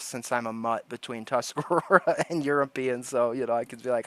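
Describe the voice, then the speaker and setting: A man chatting on his livestream in a loose, rambling way, with laughter breaking into his stories. His voice sits at a middle pitch. The sound is dry and close. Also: a little fast, few pauses, clean tone, no echo. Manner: rambling storytelling, laughs often. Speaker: livestream host. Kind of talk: casual livestream chat.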